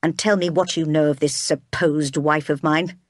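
A woman reading aloud as a stern, brooding middle-aged gentleman who speaks in a growling, commanding way. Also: low-pitched, fairly even intonation, normal speed, no room sound, clean studio sound.

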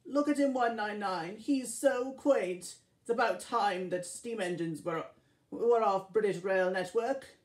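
A woman's voice: medium pitch, unhurried, reverberant, voice pushed up, natural voice, rough recording. A woman voicing a smug male diesel engine who taunts in a sing-song way in a fan-made storybook. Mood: mocking.

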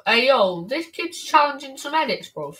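A woman streaming a video game in casual, slangy commentary, excitable and exclaiming, at times shouting. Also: high-pitched, moderate pace, poor audio. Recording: steady background noise with clicks.

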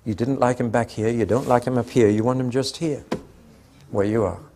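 A man's voice: medium pitch, fairly even intonation, normal speed, mellow, a little hiss or hum. An older man preaching a sermon, telling anecdotes with dry humour and acting out the dialogue.

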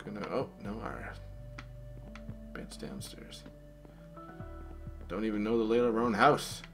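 A man's voice: fairly low pitch, steady tone, fast talker, over music. A man casually commenting on his video game play, playful and chatty, talking to the animals in the game. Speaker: gamer.

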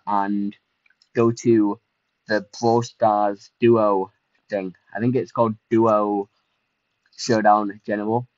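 A low-voiced young man riffs through his livestreamed game, excitable and self-mocking, scattering fillers as he goes. The sound is dry and a little dull, like a close home mic. He jumps between groans, little boasts and chat with viewers. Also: no echo. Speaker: streamer. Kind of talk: casual livestream gameplay commentary.

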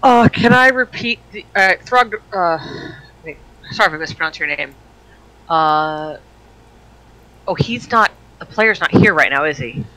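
A man's voice: a little high, animated, unhurried, sharp tone, low-quality recording. A man playing in a tabletop game, chatty and self-deprecating about rules. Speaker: player.

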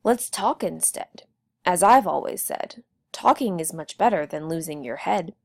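A woman reading the lines of a calm, friendly male logger in a storybook, patient and soothing. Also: lowish voice, measured pace, vocal fry, exaggerated voice. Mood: explaining.

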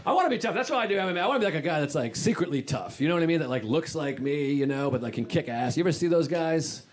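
A man doing a stand-up comedy set with quick, self-deprecating jokes about himself. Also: fairly high pitch, expressive. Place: comedy club stage. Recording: very noisy live club recording.

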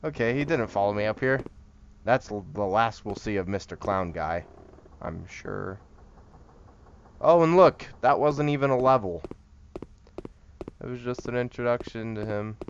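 A man's voice: fairly low pitch, a little slow, pauses often, dull audio, slight background noise. A man giving casual, joking commentary while playing a horror game, rambling and chatting to the things on screen. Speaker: horror game let's-player.

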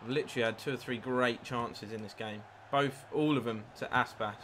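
A man live-streaming a football video game, commentating his own play, reacting loudly to chances and thanking new followers. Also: mid-range voice, a little fast, noisy background. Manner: excitable, swears at the game, reads out followers. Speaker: gaming streamer. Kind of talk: live gameplay commentary with chat.

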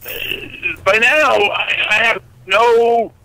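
An older man in his seventies speaks over a telephone line with a high, very sharp and bright voice. He is blunt and wry, emphatic, often stumbling through restarts. The sound is dry and close. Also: very slow, no room sound. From United States. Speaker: congressman, interview guest. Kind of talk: political interview by phone.

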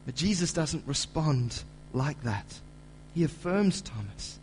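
A man preaching a sermon as pastor, building to loud, emphatic delivery when he reads scripture. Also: fairly high pitch, expressive, takes it slowly, a little hiss or hum, low-quality recording. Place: church auditorium.

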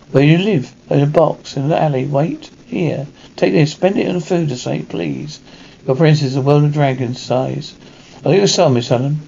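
Gravelly man reading a TV script. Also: fairly high pitch, dark tone. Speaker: radio reader. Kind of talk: reading a TV script aloud, all parts. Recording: dull, lo-fi with faint hiss.

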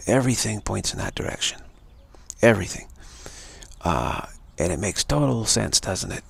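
A man's voice: lowish voice, animated, normal speed, vocal fry, husky. A man giving an earnest spiritual talk on a livestream, emphatic and repeating his key points. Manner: earnest, emphatic, given to repetition. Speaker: spiritual speaker.

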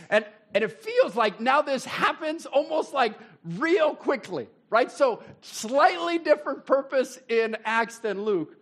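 A man pastor preaching a sermon in a church, telling the story with animated bursts of excitement. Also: extremely high pitch, measured pace, hardly any pauses. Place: church sanctuary.

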